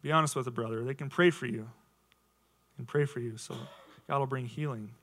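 A man's voice: mid-range voice, moderate pace, fairly bright tone, slight background noise. A man in his thirties giving a casual, conversational sermon to his church, full of rhetorical questions. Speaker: lay preacher.

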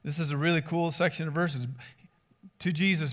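A pastor preaching to his church in a loose, conversational way. He is a man with a somewhat high voice who gets animated, rising and falling as he acts out the people in his stories. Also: moderate pace. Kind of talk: sermon.

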